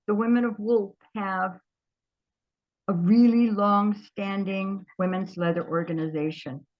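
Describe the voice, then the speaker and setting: An older woman, an interview guest, telling stories from her past in a lively way, often trailing off and starting over. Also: mid-range voice, muffled recording. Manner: lively storyteller, trails off and restarts. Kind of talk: storytelling reminiscence.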